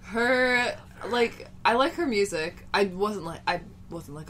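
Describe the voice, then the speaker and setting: A young woman chatting on a podcast with a bright, forceful tone. She gushes and rambles, piling on fillers as she tells a story. A faint hiss sits under her voice. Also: mid-range voice, lively intonation, slow. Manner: gushing, rambling with many fillers. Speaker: podcast co-host. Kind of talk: casual chat.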